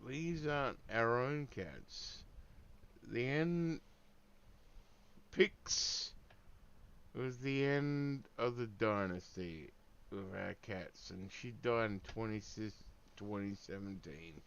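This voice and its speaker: A man's voice: fairly low pitch, slow, vocal fry, long pauses, smooth, muffled recording. A man streaming a game, telling a meandering story in laid-back, swearing casual chat full of fillers. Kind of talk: rambling casual chat while gaming.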